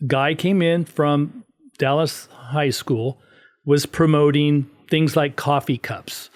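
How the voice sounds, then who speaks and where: A man's voice: on the high side, slow pace. A middle-aged man, a podcast guest, telling a story in casual chat and acting out the quotes. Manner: animated storyteller, acts out quotes.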